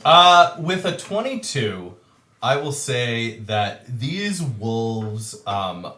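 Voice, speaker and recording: Slow, halting man running a tabletop game. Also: mid-range voice, big pitch swings, sharp tone, reverberant. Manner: halting, many ums and uhs. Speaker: game master.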